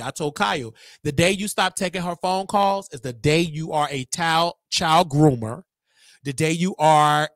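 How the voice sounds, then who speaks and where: A young man hosting a casual livestream, talking in an animated, gossipy way and laughing often. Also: fairly high pitch, dry recording. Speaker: show host.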